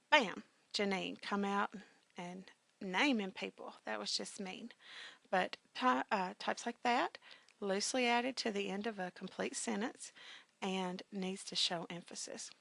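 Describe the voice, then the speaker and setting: A woman's voice: mid-range voice, vocal fry, fairly bright tone, no room sound. A woman teaching business communications in a recorded grammar lecture, talking conversationally with frequent fillers and punchy emphatic asides.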